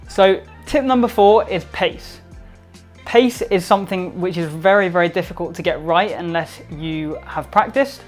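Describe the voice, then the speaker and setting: A man giving upbeat instructional tips to camera, emphatic and varying his loudness to stress points. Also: high voice. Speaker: presentation skills vlogger.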